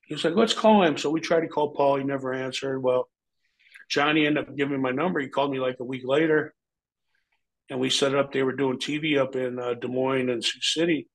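A man's voice: medium pitch, a little fast, low-quality recording. A man guest in an interview, telling stories casually and animatedly, laid-back and profane. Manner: animated, acts out quoted voices. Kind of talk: casual storytelling.

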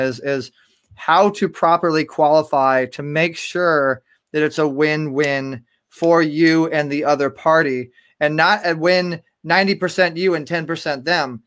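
A man's voice: fairly high pitch, unhurried, fairly bright tone. A man speaking as a guest on a live stream, enthusiastic and repeating words as he goes. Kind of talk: casual live-stream talk.

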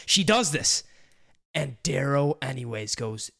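A man co-hosting a book review podcast, excitable and prone to loud shouting bursts. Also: mid-range voice, a little slow, vocal fry. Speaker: podcast co-host. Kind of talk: casual book review chat. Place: podcast studio.

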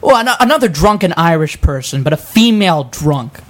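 A woman's voice: fairly low pitch, very animated, normal speed. A woman improvising a comedy scene in a pushy, sarcastic, mock-earnest way. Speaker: improv performer. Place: small theater stage.

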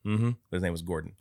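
A man's voice: lowish voice, fairly bright tone, dry recording, clean studio sound. A man co-hosting a podcast, talking loosely about a film, peppered with "like" and swearing. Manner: loose, profane, full of "like" and "right?". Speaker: podcast co-host. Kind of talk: casual film review chat.

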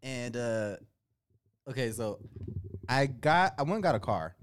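A young man co-hosting a podcast, telling stories in a laid-back, swearing style that grows loud when he is indignant. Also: mid-range voice, expressive, a little slow, a little hiss or hum. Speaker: podcast co-host. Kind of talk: casual chat.

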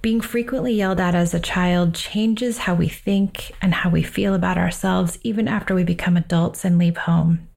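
A woman who is a parenting coach and host, talking through personal advice in a calm, unhurried, reflective way. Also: on the low side, gravelly.

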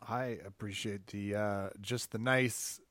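A man with a low voice adds quiet asides on a podcast. He speaks briefly and softly, and the sound is dry. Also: fairly even intonation, takes it slowly, no echo. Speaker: podcast co-host. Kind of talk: casual chat.

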